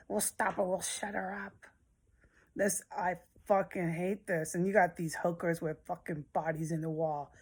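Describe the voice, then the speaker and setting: A woman ranting in a rambling monologue, agitated and profane, often restarting her sentences. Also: mid-range voice. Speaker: social media commentator.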